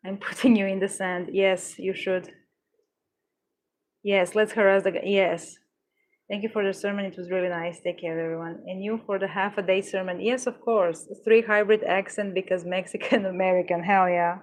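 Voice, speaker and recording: A woman running a casual art livestream, chatting with viewers in a rambling, playful way with deadpan jokes. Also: medium pitch, moderate pace. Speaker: livestream artist. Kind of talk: casual livestream chat reading comments.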